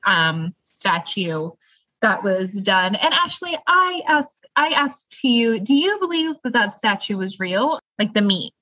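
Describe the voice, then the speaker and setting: A woman co-hosts a casual podcast and recaps the plot in a bright, tense voice. She tells the story with quick laughs. The sound is dry and lo-fi. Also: medium pitch, big pitch swings, no echo. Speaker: podcast co-host.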